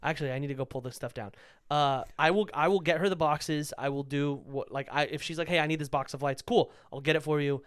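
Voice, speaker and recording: A young man co-hosting a casual comedy podcast, telling animated stories and jumping into high squeaky voices when he quotes people. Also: brisk, smooth, no echo, clean studio sound. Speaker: podcast co-host; stand-up comedian. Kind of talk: casual chat.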